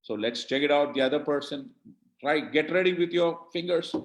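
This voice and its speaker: A man's voice: a little high, moderate pace, roomy sound, a little hiss or hum. A man with an Indian English accent giving a motivational talk, emphatic and rhetorical, quizzing his listeners and calling out who answered right. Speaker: motivational speaker. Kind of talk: motivational talk to an online audience.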